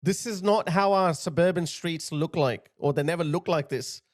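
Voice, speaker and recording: A man's voice: a little high, moderate pace. A man hosting his channel, giving indignant political commentary over video clips and often repeating himself to point things out. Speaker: channel host.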